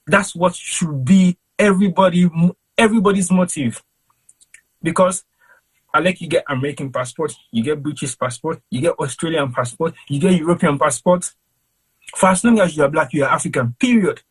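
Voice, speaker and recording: A man's voice: fairly high pitch, normal speed, breathy edge, rough recording. A Sierra Leonean man with a Krio accent, a panelist on a call-in show, speaking in an emphatic, rhetorical, preaching way. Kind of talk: impassioned panel commentary. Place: cold home in London.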